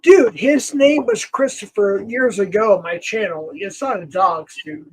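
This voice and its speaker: A man rants on his livestream in a slow, husky voice. His speech swings from shouted bursts to low muttering, and he swears constantly. He talks straight into his computer mic. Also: rough recording. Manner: swearing, shouting in bursts, then dropping quiet. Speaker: livestream host. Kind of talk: angry livestream rant.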